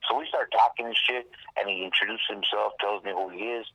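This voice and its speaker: A man's voice: lowish voice, fairly even intonation, brisk, sharp tone, breathy edge, no room sound, poor audio. A man, a rapper guest, telling a rambling, profane story in casual talk and acting out the lines people said. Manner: profane, rambling, acts out quoted dialogue.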